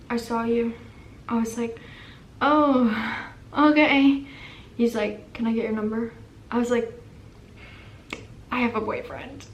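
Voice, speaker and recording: A young woman vlogger telling a story in casual, animated, self-deprecating chat. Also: fairly high pitch, slight background noise. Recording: echoey room with faint ambience.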